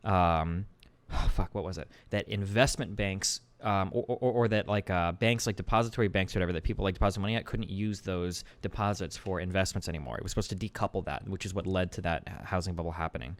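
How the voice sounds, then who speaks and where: Low-voiced man arguing with many fillers. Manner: talks fast with many fillers, blunt and swearing. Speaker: streamer host debating a caller. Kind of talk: casual political debate.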